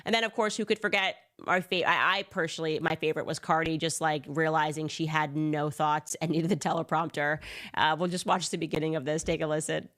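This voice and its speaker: Woman host, mocking commentary, casual delivery, lower register. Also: steady tone, a little fast, a bit bright. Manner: sarcastic, casual, filler-heavy.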